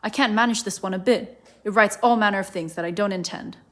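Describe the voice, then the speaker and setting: A woman's voice: medium pitch, fairly quick, fairly bright tone, natural voice. A woman voicing the White King, a sulky and flustered chess piece, in a children's storybook reading. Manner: anxious, flustered.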